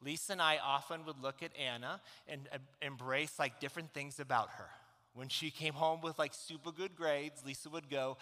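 A man's voice: on the high side, steady tone, normal speed, pushed and bright. A middle-aged man preaching a sermon as pastor, telling a personal story in an earnest, openly emotional way. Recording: long hall reverb.

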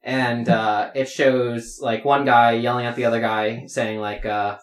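A man's voice: mid-range voice, level tone, unhurried. A man running a tabletop game as game master, rambling with many fillers. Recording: roomy echo.

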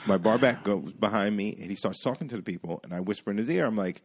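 Lively storytelling man, low voice. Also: fast, hardly any pauses, husky. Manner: animated storyteller acting out quotes, laughing. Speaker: bartender telling a story. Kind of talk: casual chat.

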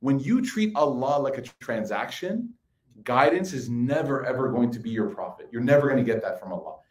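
Male preacher, 30s, casual animated storyteller, echoey hall. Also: medium pitch, brisk. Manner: conversational, animated storytelling with audience asides. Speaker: religious speaker. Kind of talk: sermon with personal anecdotes. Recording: echoey room.

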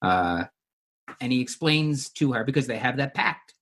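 A man's voice: medium pitch, expressive, normal speed, a bit bright, husky. A man recapping and discussing a television episode with co-hosts in a casual chat, with frequent fillers.

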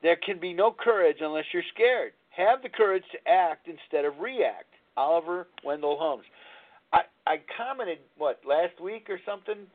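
A man in his sixties hosts a live talk radio show and tells blunt personal stories, often restarting his sentences. His voice sits fairly high for a man. The sound is thin and tinny, as if heard over a phone line. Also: lively intonation, normal speed. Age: 60s. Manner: candid, rambling storytelling with frequent restarts.

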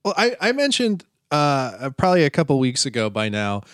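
A man co-hosting a podcast, chatting casually about a movie in a playful, unhurried way. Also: mid-range voice, sing-song, a bit bright, dry recording, studio quality. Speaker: podcast co-host. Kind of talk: casual movie-recap chat.

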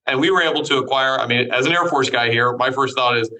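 Firm, bright-voiced male congressman. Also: mid-range voice, low-quality recording. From Iowa. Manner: earnest, firm, measured speech. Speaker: congressman guest. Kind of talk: political interview talk.

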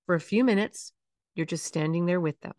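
A woman with a notably low voice talks through ideas in a calm, instructive podcast manner. She often slips into softer, gentle phrases as she demonstrates what to say. The sound is dry and close, with no room echo. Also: brisk. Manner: calm, instructive, acts out soft soothing phrases. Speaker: podcast host. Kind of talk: explanatory podcast talk.

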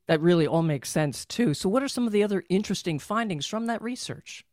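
A man's voice: high-pitched, lively intonation, fairly quick, a little mellow, dry recording, clean studio sound. A man hosting a podcast interview, asking friendly, brief questions. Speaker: podcast host.

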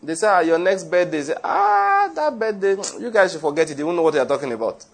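Racing along in a high-leaning voice, a male pastor leads his church congregation in forceful, repeated call-and-response declarations. The congregation is audible behind him throughout.

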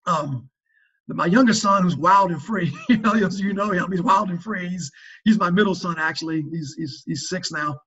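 A man's voice: high-pitched, normal speed, sharp tone, breathy edge, lo-fi sound. A man talking earnestly about fathering on a faith-based podcast, emphatic and preachy, often restarting his sentences. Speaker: father sharing parenting advice.

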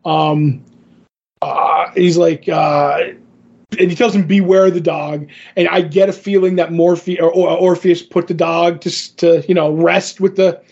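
A man with a slightly husky, higher voice rambles through a comic recap, acting out the quoted lines as he goes. The podcast audio sounds dull and lo-fi. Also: fairly even intonation, measured pace, a little mellow. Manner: rambling, filler-heavy retelling with quoted dialogue. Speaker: podcast co-host. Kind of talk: casual comic book recap chat.

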